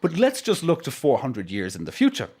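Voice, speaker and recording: A man's voice: medium pitch, wildly swooping pitch, brisk, a little mellow, breathy edge. A man hosting a radio interview, asking long, chatty questions with frequent restarts. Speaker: radio host.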